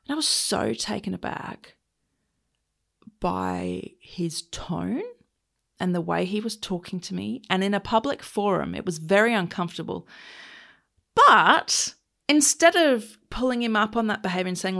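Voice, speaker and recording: A woman's voice: medium pitch, very animated, a little slow, vocal fry, pushed and bright. A woman podcast host in her thirties telling a personal story candidly, acting out the dialogue she recalls. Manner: candid, conversational, acts out quoted dialogue.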